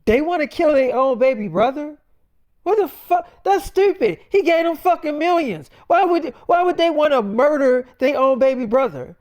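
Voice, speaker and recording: A man voicing a brash, profane young wife who demands answers loudly. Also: mid-range voice, expressive, moderate pace, close to an everyday voice. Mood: outraged. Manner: loud, swearing, demanding.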